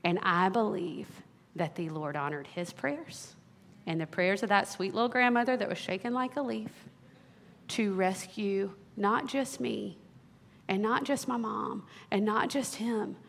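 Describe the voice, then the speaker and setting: A woman's voice: medium pitch, measured pace, vocal fry. Earnest woman preaching in a reverberant hall. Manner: earnest, personal storytelling with light laughs. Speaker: worship leader giving a talk. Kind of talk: sermon with personal story.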